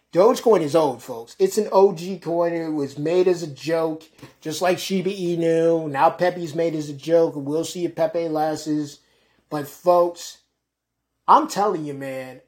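A woman's voice: deep voice, darkish tone. A woman hosting a podcast, talking casually and ranting with lots of swearing and emphatic repetition. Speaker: podcast host.

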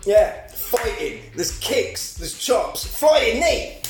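A man with a slightly high voice chats through a film recap, bursting into acted-out lines and laughter. He tells the story with lively energy. The sound is roomy, with faint music underneath. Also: very slow. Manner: animated storytelling, acting out lines, frequent laughs. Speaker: podcast co-host. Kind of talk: casual film recap chat.

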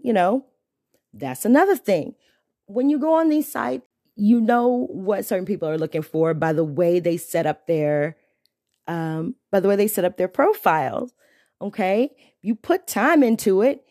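A young adult woman chats on her own podcast in a lively storytelling way. She acts out the lines other people said to her. Her voice sits at a medium pitch, and the recording is dry, with no room echo. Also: measured pace. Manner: animated storytelling, mimics the men's messages. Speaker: podcast host. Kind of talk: casual solo podcast chat.

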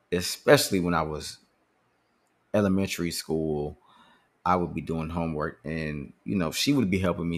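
A man hosting a podcast, talking earnestly and casually about handling anger, often repeating words as he thinks. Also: low voice. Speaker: podcast host. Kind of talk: casual motivational talk.

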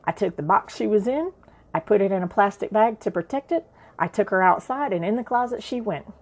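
A woman's voice: medium pitch, expressive, brisk. A woman narrates her own story in a frank, everyday voice. She talks conversationally and swears without holding back.

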